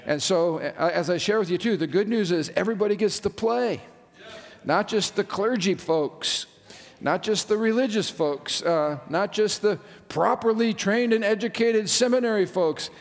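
A man's voice: high voice, moderate pace. A male pastor preaching a sermon with enthusiasm, using frequent "uh" fillers and asking the congregation questions. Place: large church sanctuary. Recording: long church-hall reverb.

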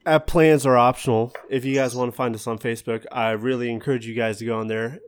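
A man's voice: medium pitch, fairly even intonation, fast talker, clean tone. Teasing man on a casual podcast. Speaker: podcast co-host.

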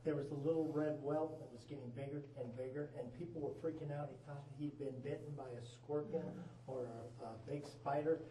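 A man's voice: a little high, fairly even intonation, a little fast, few pauses, mellow. Tour guide guy spinning spooky stories, far off in an echoey mine, lots of hiss. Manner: folksy, dramatic storyteller. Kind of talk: storytelling to a tour group. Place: inside an old mine tunnel. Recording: echoey tunnel, far from mic, noisy.

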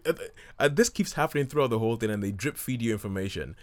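A man's voice: on the low side, animated, fast. A man hosting a casual film review chat, rambling with many restarts and acting out quotes from scenes.

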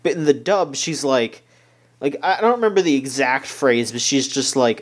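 This is a young man in an unscripted podcast chat, his voice sitting at an ordinary middle pitch. He wanders through his thoughts, stopping and restarting often, with plenty of "like" and "you know.". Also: lively intonation, normal speed. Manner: rambling, hesitant, many fillers and restarts. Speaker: podcast co-host. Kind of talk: casual chat reviewing an anime.

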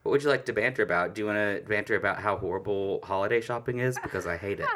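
A man co-hosting a podcast in casual chat, playful and teasing, animated when he retells stories. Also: lowish voice, rapid-fire. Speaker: podcast co-host.

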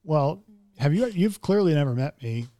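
A man's voice: a little high, animated, normal speed, warm tone. A man co-hosting a podcast, talking in a casual, joking way with stubborn rants. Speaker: podcast co-host. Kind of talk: casual chat.

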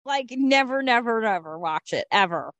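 A woman co-hosting a casual podcast, talking in an animated, emphatic way. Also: fairly high pitch, normal speed, dry recording. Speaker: podcast co-host.

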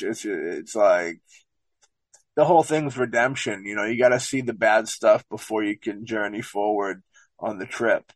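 A man's voice: fairly low pitch, no room sound, poor audio. A man reading passages aloud with small slips, then rambling in casual commentary and often asking "you know what I mean". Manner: reads aloud haltingly with slips. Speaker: show presenter discussing a book.

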